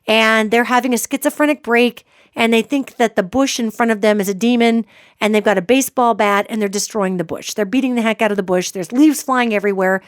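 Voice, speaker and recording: A woman's voice: a little high, steady tone, fairly quick, no echo, studio quality. A woman hosting a psychic radio show, telling a story to her listeners in an emphatic way and checking in with them as she goes.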